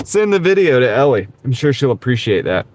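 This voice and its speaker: This medium-pitched man is live streaming from his car during a gig-driving shift, talking casually to viewers. His easygoing, rambling chatter is full of "dude," picked up by a wireless clip-on microphone.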